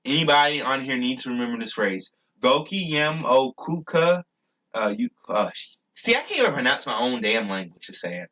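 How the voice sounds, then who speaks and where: A man's voice: medium pitch, sing-song, fairly quick, hardly any pauses, sharp tone. A young man talking casually in a rambling vlog, stumbling and restarting often with many fillers. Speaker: YouTuber.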